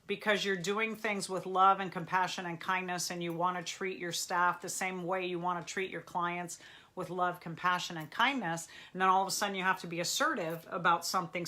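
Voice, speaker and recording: A woman's voice: lowish voice, pushed and bright. A woman therapist hosting a live question-and-answer talk, speaking in a firm, earnest, intense public-speaking manner. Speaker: therapist and show host.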